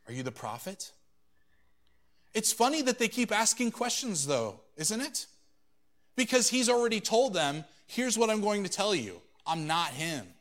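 A man preaching a sermon, swinging between loud emphatic peaks and quiet low asides, acting out quoted exchanges in a conversational voice. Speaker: pastor.

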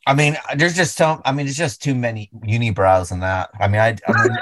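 A man's voice: mid-range voice, steady tone, a little fast, a bit bright, dry recording. A man, talking casually as a guest host on a podcast and rambling through his thoughts. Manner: rambling, full of restarts and fillers.

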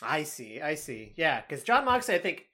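A woman co-hosts a relaxed podcast, talking in loose, rambling sentences full of fillers and restarts. Her voice is bright and sharp, with a very animated, bouncing pitch. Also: normal speed, husky. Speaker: podcast co-host. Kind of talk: casual chat.

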